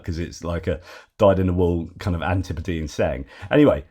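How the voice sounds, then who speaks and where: A man's voice: deep voice, a little fast, dark tone. A man hosting a casual news commentary, rambling and digressing with many fillers and restarts.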